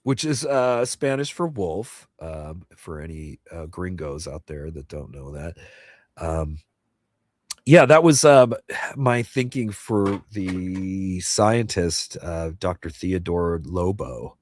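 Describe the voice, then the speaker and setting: A man's voice: deep voice, expressive, slow, a little mellow, no room sound. A middle-aged man hosting a casual livestream chat from home, rambling with many fillers and restarts and reading chat messages aloud. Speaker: host.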